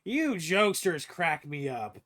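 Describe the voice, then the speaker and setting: A hearty, cackling dwarf ranger for hire, as a game master puts him on, with a high, bouncing voice and big belly laughs. The tone is lively and bright, swinging up and down in a tabletop game. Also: male voice, a little slow. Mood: jovial. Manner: jolly, booming, cackling laughter.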